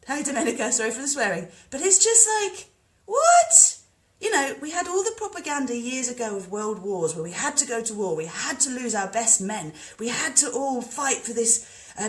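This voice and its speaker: A woman, a spiritual teacher, talking in a rambling, animated way on a live stream and leading a guided meditation. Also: mid-range voice. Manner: animated, rambling, greets viewers. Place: indoors by the sea.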